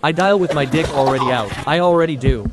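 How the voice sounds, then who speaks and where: Guy doing crude standup bits, kinda high voice, lots of noise behind him. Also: fast. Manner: crude, animated storytelling with acted quotes. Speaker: stand-up comedian. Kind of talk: stand-up storytelling.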